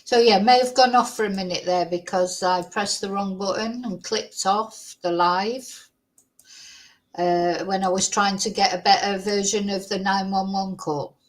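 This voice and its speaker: A woman's voice: medium pitch, fairly even intonation, unhurried. A woman hosting a casual livestream. She rambles chattily and thanks viewers as she goes. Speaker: livestream host.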